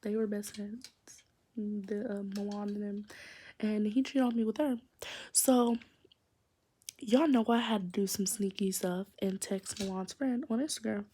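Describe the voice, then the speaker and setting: A woman's voice: mid-range voice, fairly even intonation, a little slow, dark tone, breathy edge. A teenage girl chatting through a rambling storytime, dropping to a whisper for secrets. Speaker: vlogger. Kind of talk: casual storytime chat.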